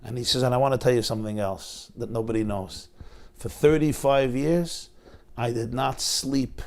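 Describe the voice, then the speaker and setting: A middle-aged rabbi delivers a sermon as a heartfelt story, his voice carrying a gravelly edge. He acts out the dialogue, climbing to dramatic peaks and dropping to quiet lows, at a pitch typical for a man. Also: steady tone, normal speed. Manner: dramatic, retells dialogue with rising intensity. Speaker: rabbi lecturer.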